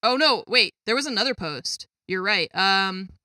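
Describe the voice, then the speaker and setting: A woman's voice: medium pitch, expressive, moderate pace, sharp tone, dry recording, clean studio sound. A woman streamer chatting casually to her viewers at her gaming desk at home, exasperated and swearing freely. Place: home gaming setup with a cat.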